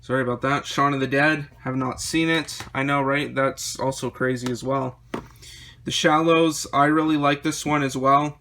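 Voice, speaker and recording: A man's voice: medium pitch, steady tone, sharp tone, slight background noise. Man listing his movie collection casually. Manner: rambling, listing titles with quick opinions. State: slightly losing his voice. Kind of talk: casual chat showing a collection.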